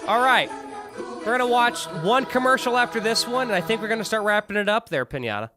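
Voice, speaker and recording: A man hosting a casual live stream, joking and chatting in an animated way while watching old commercials. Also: high-pitched, fast, music in the background. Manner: animated, jokey, apologetic asides. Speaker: stream host.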